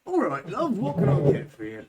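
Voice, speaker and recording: A man's voice: high-pitched, huge pitch swings, moderate pace, very noisy, voice pushed up. A game master voicing a big, burly male Goliath smith with a chummy tradesman manner and a British regional accent that keeps shifting. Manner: chummy tradesman, calls people love.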